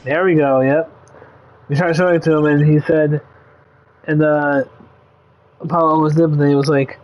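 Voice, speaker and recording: A man's voice: on the high side, steady tone, moderate pace, pauses often, darkish tone, soft background music, low-quality recording. A man playing through a courtroom game, reading the dialogue aloud with stumbles, restarts and casual asides between lines. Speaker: let's play host.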